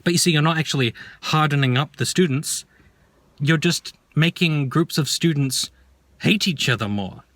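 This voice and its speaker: A man's voice: a little high, normal speed, fairly bright tone, dry recording. A man ranting heatedly in an opinion vlog, sarcastic and profane. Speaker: vlogger. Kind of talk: angry opinion rant.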